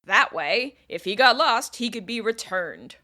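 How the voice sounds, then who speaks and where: A woman's voice: fairly high pitch, animated, a little slow, pushed and bright. A woman podcast host telling a history story in a casual, chatty way with wry asides.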